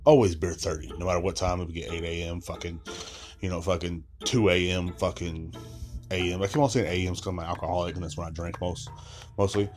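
A man's voice: sits low, little pitch movement, fast, soft background music. A man in his thirties hosting a podcast, telling a long story in a loose, rambling way with lots of swearing and asides, sounding tired. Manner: rambling, heavy swearing, frequent filler asides. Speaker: podcast host. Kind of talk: casual storytelling monologue.

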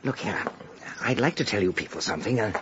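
An actor playing a nervous, excitable young upper-class man in a vintage radio drama, dithering and gushing. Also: on the low side, quick pace, noisy background, natural voice. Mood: flustered. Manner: dithering, fussy, breathless gushing. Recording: dull old radio recording.

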